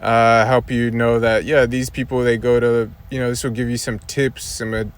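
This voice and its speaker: A man's voice: medium pitch, level tone, normal speed, clean tone. A young man ranting casually to his viewers, exasperated and rambling, repeating himself and swearing. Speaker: YouTuber. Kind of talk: casual rant to camera.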